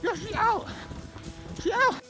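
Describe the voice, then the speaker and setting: Vlogger man, winded from jogging, lively high voice that swoops around, music playing underneath. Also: slow pace. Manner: excitable, slangy, talks to his dog. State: out of breath. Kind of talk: casual vlog chat while jogging with his dog. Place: outdoors on a street. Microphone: handheld camera.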